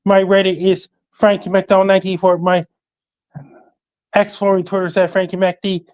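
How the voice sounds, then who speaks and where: A man appearing as a podcast guest, talking in a flat recital that lists facts, dates and handles one by one. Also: high-pitched, normal speed, smooth. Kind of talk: casual call-in chat.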